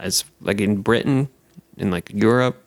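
A young American man with a low, gravelly voice chats loosely on a podcast. He rambles through his stories with a joking edge and now and then breaks into silly high-pitched voices. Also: unhurried, dry recording. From United States. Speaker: podcast host. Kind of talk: casual chat.

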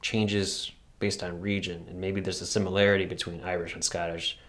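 A man hosting a podcast in casual chat, animated and laughing often, his voice jumping up when excited. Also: deep voice, moderate pace. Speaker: podcast host.

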